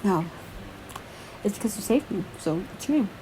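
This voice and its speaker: A woman voicing an injured rich young man, speaking low, quiet and strained as she reads a novel aloud. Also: fairly even intonation, racing, a little hiss or hum, natural voice, poor audio.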